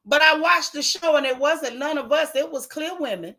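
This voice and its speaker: A woman with a bright, forceful voice and fairly high pitch hosts a casual gossip chat. She tells her stories to live viewers in an animated, joking, folksy way. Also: moderate pace. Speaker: show host.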